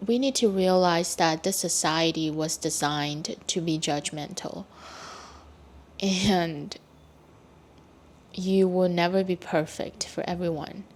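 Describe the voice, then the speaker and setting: A woman creator speaking in a thoughtful, reflective monologue, pausing and restarting as she works through her ideas. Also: on the low side. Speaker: video creator.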